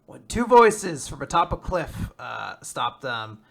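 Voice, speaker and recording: A man on a podcast, recapping a manga chapter in casual chat, laughing often, swearing and slipping into quick voices for the characters. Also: mid-range voice, big pitch swings, gravelly, a bit bright.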